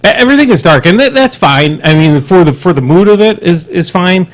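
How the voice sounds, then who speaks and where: A man co-hosting a live-streamed podcast, chatting casually, animated and laughing often, stumbling and restarting his sentences. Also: high-pitched, brisk, low-quality recording. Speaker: podcast co-host. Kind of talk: casual chat.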